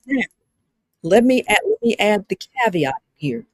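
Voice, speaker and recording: Animated Southern woman streaming live. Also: medium pitch, a little slow, husky, no echo, rough recording. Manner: animated, repetitive, addresses viewers directly. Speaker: livestream host. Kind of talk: live-streamed dating talk, reading viewer comments.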